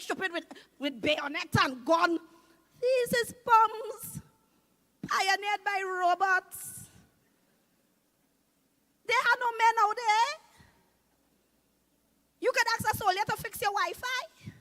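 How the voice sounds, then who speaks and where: A woman in her fifties with a Trinidadian accent, doing loud, animated stand-up comedy on a live stage. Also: very high-pitched. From Trinidad and Tobago. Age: 50s. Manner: loud, animated, shouting punchlines.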